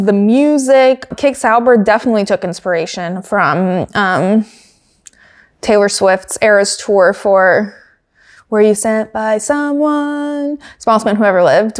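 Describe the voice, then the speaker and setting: A woman hosting a casual motorsport podcast, chatting with many fillers, giggles and dry asides. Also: mid-range voice. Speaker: podcast host. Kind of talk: casual chat recapping motorsport news.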